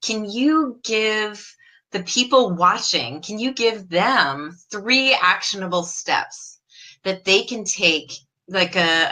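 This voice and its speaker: A woman interviewer with a bright, forward voice who cheers her guest on. She asks her questions enthusiastically and keeps the exchange upbeat. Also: on the low side, poor audio. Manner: encouraging, enthusiastic. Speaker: interview host.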